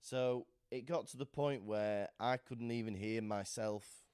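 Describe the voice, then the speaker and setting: A man's voice: mid-range voice, unhurried, clear, resonant tone, dry recording, clean studio sound. A man co-hosting a podcast in casual chat, telling an anecdote animatedly and acting out what others said. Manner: animated storytelling, acting out other people's lines. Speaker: podcast co-host.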